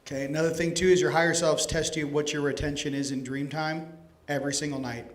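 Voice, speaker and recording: A man giving a casual, joking lecture to a live conference audience, animated and profane, addressing people directly. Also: on the high side, fast talker. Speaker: conference speaker. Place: conference hall stage.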